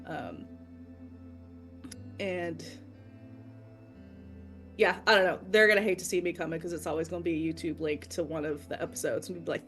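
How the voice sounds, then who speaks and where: A woman's voice: on the low side, normal speed, pauses often, faint music behind. A player giving a candid, emotional farewell at the end of a tabletop campaign, joking at her own expense. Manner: candid, self-deprecating, emotional. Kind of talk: emotional outro chat.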